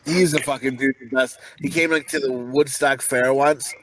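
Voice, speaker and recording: A man's voice: medium pitch, fairly even intonation, normal speed, fairly bright tone, a little hiss or hum. A man co-hosting a podcast, rambling through crude stories and laughing often in casual chat. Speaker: podcast co-host.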